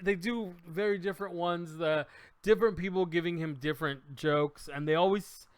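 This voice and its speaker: Man, podcast co-host, animated storyteller, smooth clear voice, slightly raised pitch. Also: moderate pace, no echo. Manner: animated storyteller, acts out quotes, many restarts. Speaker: podcast co-host reviewing a show. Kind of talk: casual chat.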